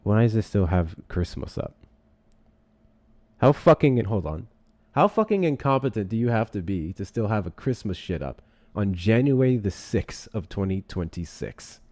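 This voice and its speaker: A young man with a slightly low, somewhat mellow voice hosts a live stream, casual, profane and sarcastic, with big pitch swings at a normal speed. He reads text aloud, breaking off to react and chat with viewers. At times he turns away from his desk mic, so his voice drops and sounds distant.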